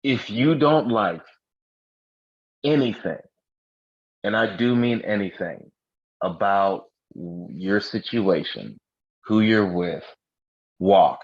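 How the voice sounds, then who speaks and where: A man's voice: deep voice, lo-fi sound. A man co-hosting a podcast in casual chat, a laid-back, profane storyteller. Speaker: podcast co-host.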